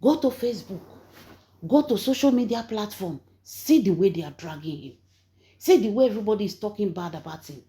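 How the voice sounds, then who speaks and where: A Nigerian woman hosting her own channel, telling gossip in an emphatic, preachy way that swings between loud and soft. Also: mid-range voice, expressive, a little fast. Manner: emphatic, preachy, rising and falling in loudness. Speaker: channel host and gossip storyteller. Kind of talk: animated gossip commentary.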